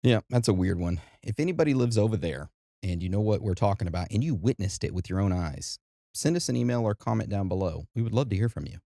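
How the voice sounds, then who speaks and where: A man with a very low, dark voice co-hosts a podcast in casual chat. He sounds laid-back and conversational as he walks through each segment. The sound is dry and close. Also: lively intonation, fast, creaky, no echo. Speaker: podcast co-host.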